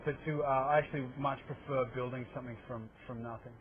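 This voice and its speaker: A man's voice: mid-range voice, fairly even intonation, fast talker. Australian man, rambling, tinny audio. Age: 30s. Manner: rambling, hesitant, many restarts and fillers. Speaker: actor. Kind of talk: casual interview answers. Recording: tinny phone-like audio, faint hiss.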